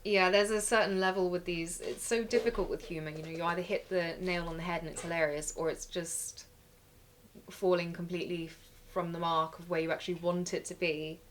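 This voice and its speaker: A woman's voice: on the low side, fairly even intonation, brisk, slight background noise. Emphatic woman reviewing films. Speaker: podcast co-host. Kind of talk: casual film review chat.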